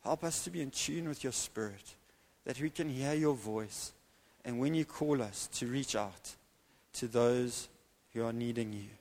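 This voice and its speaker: In an evangelical church, a medium-pitched male preacher narrates a story during his sermon, his delivery lively and punctuated by dramatic pauses.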